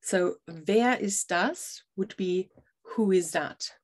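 A woman's voice: mid-range voice, takes it slowly. A middle-aged woman teaching a language lesson to the camera, explaining patiently step by step and checking in with "yeah?" as she goes.

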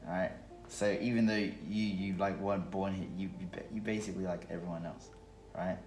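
A young man with an Australian accent, rambling and animated in a casual family chat, with lots of fillers. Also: low voice, brisk. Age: young adult. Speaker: host's son. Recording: echoey room, faint music.

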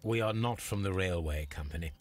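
An actor playing a composed Victorian detective who asks formal, measured questions in a game. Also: male voice, sits low. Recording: crowd noise behind.

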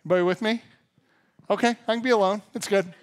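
A male pastor with a high voice preaches to his church. He tells funny everyday stories and acts out the people in them, then moves into the scripture. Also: fast. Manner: animated storyteller, acts out funny everyday scenes. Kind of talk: sermon. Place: church service.

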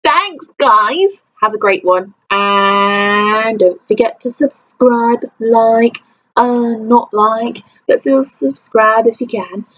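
A woman's voice: a little high, slow pace, a bit bright, lo-fi sound, soft background music. A tired young woman from England chatting to camera in a rambling, self-deprecating vlog. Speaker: vlogger. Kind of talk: casual chat to camera.

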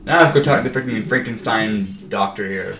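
A man's voice: on the low side, a little fast, a bit bright. A man hosting a video game playthrough in casual commentary, rambling and easily exasperated. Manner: rambling and easily exasperated, says "freaking" often. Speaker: let's play host. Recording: echoey room with faint game music.

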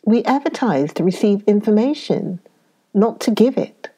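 A woman voicing a lively, impulsive young woman adventurer who is quick to exclaim, in a storybook reading. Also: fairly low pitch, husky. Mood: eager.

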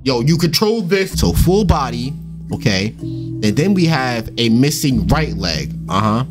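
A young man giving animated, slangy let's-play commentary on a horror game, swearing and yelping when startled. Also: mid-range voice, a little slow, over music. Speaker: gaming YouTuber.

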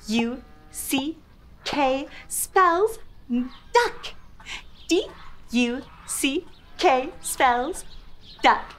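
A young woman hosting a children's show, teaching toddlers in an animated, exaggerated, sing-song way. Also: sits high, slight background noise.

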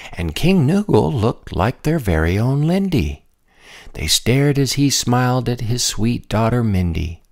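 A man reading a rhyming picture book aloud in an expressive, sing-song manner. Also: mid-range voice, unhurried. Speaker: storybook reader.

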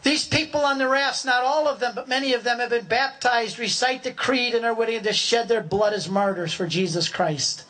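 A man in his sixties telling his conversion story as a humorous, animated parable, acting out voices and shouting in places. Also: extremely high pitch, normal speed, hardly any pauses. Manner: preacherly, builds a long parable.

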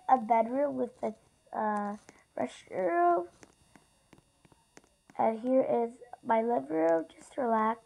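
A woman's voice: high voice, creaky, mellow, low-quality recording. A female YouTuber chatting casually to viewers while narrating her gameplay in a rambling way. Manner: chatty and rambling, often addresses viewers directly. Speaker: gaming YouTuber.

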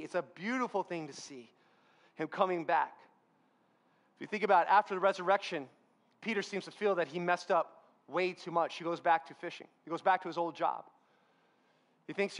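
High-voiced man preaching a sermon. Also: moderate pace. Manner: animated storytelling, acting out Bible dialogue. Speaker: pastor. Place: church.

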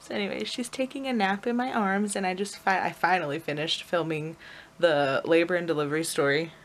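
A woman's voice: lowish voice, steady tone, fairly quick, a little hiss or hum. A young woman and new mother chatting casually for her vlog, rambling a little and laughing easily.

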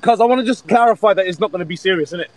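A man's voice: sits high, rapid-fire, background noise. A man on a street livestream, urgently bossing his friends around outdoors by a car. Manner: pushy, urgent, talks over others. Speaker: livestreamer organizing a street fight.

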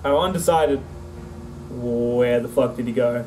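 A man's voice: medium pitch, a little slow, darkish tone, a little hiss or hum, low-quality recording. A man streaming a horror game, swearing and jumpy while he talks to his companion through a desk mic. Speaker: gameplay streamer. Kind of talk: let's play commentary. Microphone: desk mic with face cam.

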